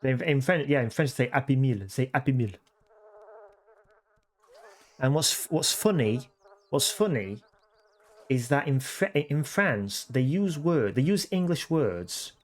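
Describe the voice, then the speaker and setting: A chatty man talks loosely to his stream viewers from a room at home, at an average pitch. He repeats words, stops mid-phrase and corrects himself, keeping a relaxed, rambling flow. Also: unhurried. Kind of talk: casual livestream chat.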